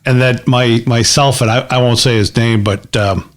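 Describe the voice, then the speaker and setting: A man's voice: mid-range voice, fairly even intonation, moderate pace. Middle-aged man with wry questions. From New England. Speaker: podcast co-host. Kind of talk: casual banter and sponsor reads.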